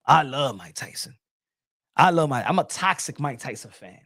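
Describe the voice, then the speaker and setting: A man's voice: medium pitch, sing-song, normal speed, a bit bright, dry recording, studio quality. A man hosting a boxing podcast in a casual, blunt and profane rant, often repeating words as he restarts his thoughts.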